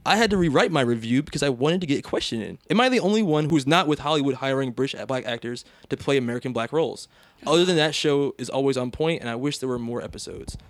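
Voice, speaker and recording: A man's voice: mid-range voice, expressive, fast, no echo. A man hosting a podcast, reading listener reviews and chatting casually with frequent laughter. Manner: laughs often, reads listener reviews aloud. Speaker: podcast host.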